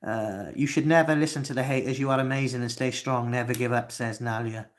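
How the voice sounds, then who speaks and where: Welsh guy in his 20s doing a live stream, reads chat out loud, snaps and swears at trolls. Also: medium pitch, fairly even intonation, brisk. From Wales. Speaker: livestream host.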